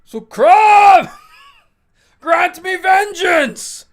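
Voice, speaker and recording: Brief: a high, shouting barbarian hero impression, over the top. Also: male voice, lively intonation, extremely slow, exaggerated voice. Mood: shouting, pleading. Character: bellowing barbarian hero praying to his god.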